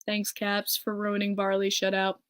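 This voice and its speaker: A young woman hosting a solo podcast, recapping a game in an animated, exclamatory fan style. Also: medium pitch, moderate pace, clear, resonant tone. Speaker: podcast host.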